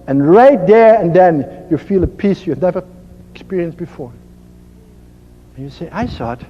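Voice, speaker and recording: A man with a Dutch accent giving an earnest spiritual talk as a priest, slow and emphatic, repeating his phrases. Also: high voice. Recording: muffled archival recording in a reverberant hall.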